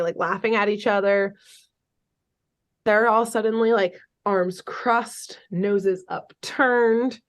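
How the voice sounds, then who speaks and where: A young adult woman co-hosting a podcast, casually recapping a cartoon episode in an animated, chatty way and swearing freely. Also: medium pitch. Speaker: podcast co-host.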